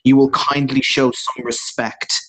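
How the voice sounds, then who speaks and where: A serene, grand warrior monk from a tabletop game, as a man puts him on. He speaks in calm, solemn declarations. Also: medium pitch, moderate pace, close to an everyday voice, rough recording.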